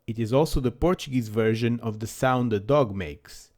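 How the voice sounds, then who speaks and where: A man's voice: medium pitch, normal speed, darkish tone. A man narrating a scripted language lesson with dry, self-deprecating humor. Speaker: language teacher.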